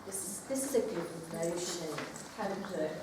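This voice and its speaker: A woman teacher leading a workshop, chatting lively and reading a picture book aloud to a group. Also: fairly low pitch, moderate pace. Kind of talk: classroom workshop talk. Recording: echoey room from far off with noise.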